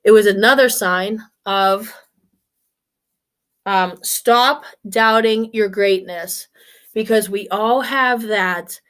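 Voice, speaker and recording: A woman's voice: mid-range voice, slow pace, fairly bright tone. A woman in her forties chatting casually and upbeat on her vlog, a bit out of breath, with many restarts and asides. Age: 40s. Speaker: vlogger. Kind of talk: casual solo vlog chat.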